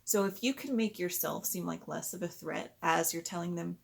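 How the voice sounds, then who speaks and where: A woman explaining parenting steps in a patient, conversational way, sometimes acting out gentle lines a parent might say. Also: fairly low pitch, normal speed, creaky, hardly any pauses. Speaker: parenting educator. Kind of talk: explanatory talk.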